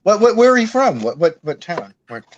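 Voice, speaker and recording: A man's voice: high voice, a little fast, lo-fi sound, a little hiss or hum. Laughing, effusive man chatting. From Worcester, Massachusetts. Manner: animated, laughs often, effusive. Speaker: chat participant. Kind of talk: casual chat.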